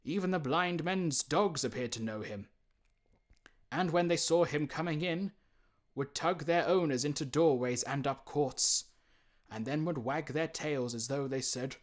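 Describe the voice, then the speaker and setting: Man reading a classic story aloud. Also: a little high. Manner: measured and expressive, acting out quoted characters. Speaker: audiobook narrator. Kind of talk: scripted storybook narration.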